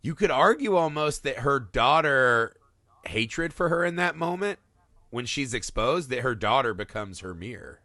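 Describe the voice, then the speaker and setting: A man talking films on a podcast, his voice bright and forceful and swinging all over the place as he riffs. He swears freely and leans into the scenes he describes. The sound is dry and close, with no room behind him. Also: medium pitch, normal speed, no echo. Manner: animated, swears, acts out quotes in put-on voices. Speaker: podcast co-host. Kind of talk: casual film discussion.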